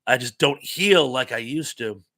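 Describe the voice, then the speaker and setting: Bright-voiced middle-aged man hosting a chat. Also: medium pitch, lively intonation, a little slow. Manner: chatty, rambling storyteller who repeats words and restarts. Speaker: live chat host. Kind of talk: casual live-stream chat reading viewer comments. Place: home.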